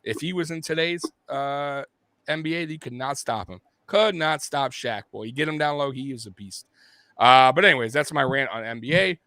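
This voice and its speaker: A man's voice: mid-range voice, animated, normal speed, sharp tone, no room sound. A man hosting a sports show, ranting bluntly and with heavy profanity, like a fired-up fan. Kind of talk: casual sports rant.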